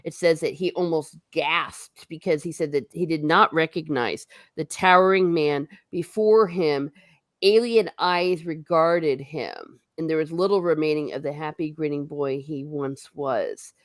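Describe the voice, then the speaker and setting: A woman's voice: low voice, a little slow, no echo. A woman hosting a casual book discussion, rambling with frequent fillers and laughing often. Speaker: host of a book discussion show. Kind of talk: casual chat.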